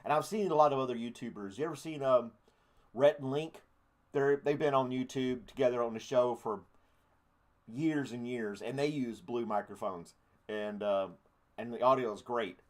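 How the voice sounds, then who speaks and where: A man's voice: mid-range voice, normal speed. A man hosting a casual live-stream podcast, rambling through offhand thoughts with jokey, crude asides. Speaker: podcast host.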